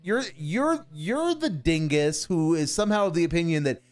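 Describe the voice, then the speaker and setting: A man's voice: on the high side, lively intonation, normal speed, few pauses, faint music behind. A man giving sarcastic, exasperated reaction commentary on a clip, mocking what he hears. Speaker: stream commentator.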